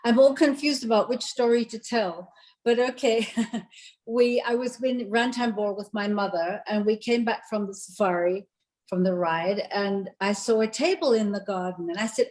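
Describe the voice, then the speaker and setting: A woman telling a detailed story in lively, casual talk on a group video call. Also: fairly high pitch, moderate pace, low-quality recording.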